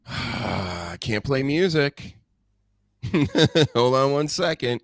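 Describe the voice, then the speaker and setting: A man's voice: medium pitch, very animated, extremely slow, music in the background. A man hosting a live-stream podcast, commenting bluntly and profanely in a rambling casual way. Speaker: podcast host.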